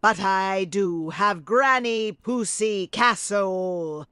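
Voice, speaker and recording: A synthetic text-to-speech voice reading viewer messages aloud in a flat readout. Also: medium pitch, drawn-out words, clean tone, dry recording, studio quality.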